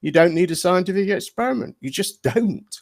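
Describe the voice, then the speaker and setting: A man's voice: high-pitched, expressive, fairly quick, vocal fry, dry recording, studio quality. A man arguing his point in a heated online debate, insistent and lecturing, repeating himself to drive a claim home. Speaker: debater on a live stream.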